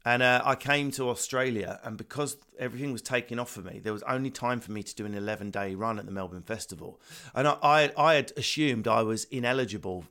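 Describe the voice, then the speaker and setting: A stand-up comedian with an Essex accent, talking fast and animated in a casual interview over a video call, swearing freely. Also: male voice, medium pitch. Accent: Essex English. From England. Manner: fast, energetic, swearing, acts out voices. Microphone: remote video call.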